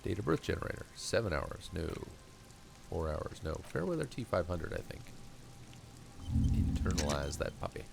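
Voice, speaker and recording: A man's voice: low-pitched, very animated, normal speed, gravelly, pauses often. A man casually playing a video game, reading its text aloud with chatty asides. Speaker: gamer playing through a game. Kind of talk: casual let's-play commentary and reading aloud. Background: game music.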